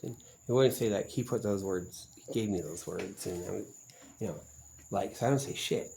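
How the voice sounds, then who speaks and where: A man with a lowish, mellow voice talks in a meandering vlog monologue. He is profane and suspicious and keeps circling back with "um" and "like". Faint crickets chirp behind him. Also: normal speed, gravelly, a little hiss or hum, rough recording. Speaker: vlogger. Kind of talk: rambling monologue.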